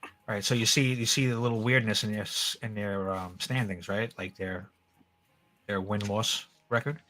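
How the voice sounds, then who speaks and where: A man co-hosting a sports podcast, chatting casually and excitably about football with slang like "yo" and "bro". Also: fairly low pitch, moderate pace.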